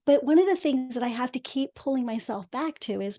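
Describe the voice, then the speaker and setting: A middle-aged woman speaking as an interview guest, talking emphatically with lively jumps in pitch and loudness. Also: a little fast. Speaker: guest, real estate investor and podcast host. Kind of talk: casual interview chat.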